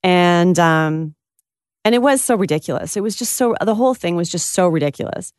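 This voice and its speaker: A woman's voice: on the low side, expressive, normal speed, clear, resonant tone, no room sound, studio quality. A woman giving candid, reflective answers in an interview, thinking aloud as she goes. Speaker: interviewed politician.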